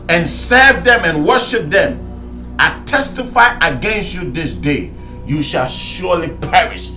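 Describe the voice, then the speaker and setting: A man preaching an impassioned sermon, going from shouted peaks to low, quiet asides. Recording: roomy sound with faint music behind.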